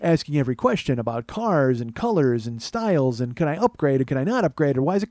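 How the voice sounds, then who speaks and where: A man's voice: mid-range voice, very animated, fast, few pauses, darkish tone, no room sound. A man telling a comic story as a podcast host, profane and ranting with mock paranoia.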